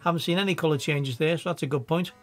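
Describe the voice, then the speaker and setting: A man with a Scouse accent giving a casual, chatty software tutorial, thinking aloud as he works. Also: a little high, quick pace, soft background music. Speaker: video editing tutor.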